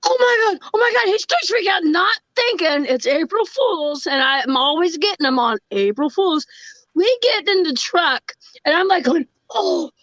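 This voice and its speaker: A woman chatting casually as a co-host, telling stories loudly and swearing freely, often breaking into laughter. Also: sits high, lively intonation, a little slow, no echo, muffled recording. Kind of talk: casual chat.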